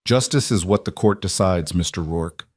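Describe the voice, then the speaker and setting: Guy doing a cold smug registrar, smooth condescending villain, lowish voice. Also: normal speed, dry recording, studio quality. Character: smug cold scheming male county registrar.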